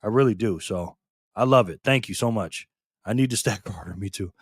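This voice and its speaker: An older man hosting a casual live stream, reading comments aloud in a chatty, excitable way. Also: fairly low pitch, a little fast, breathy edge, no echo, studio quality. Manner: chatty, excitable, laughs often.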